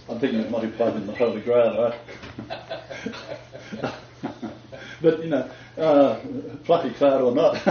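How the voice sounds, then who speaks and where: Warm and on the high side, a man's voice carries a lecture-style Bible lesson full of jokes, and he laughs at his own asides. There's slight background noise, and the room recording is dull and echoey.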